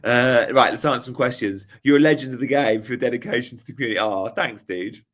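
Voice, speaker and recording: A young man hosting a live stream Q&A, reading chat questions aloud in a jokey, casual way, his voice hoarse after a night out. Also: medium pitch, quick pace, fairly bright tone. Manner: reads chat questions aloud, jokey, tries silly regional accents. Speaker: host.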